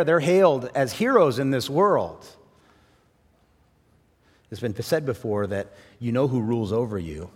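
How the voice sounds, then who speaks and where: A man pastor preaching a sermon with passion, swinging from loud, rising bursts to quiet, low drops. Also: husky. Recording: long reverb in a large hall.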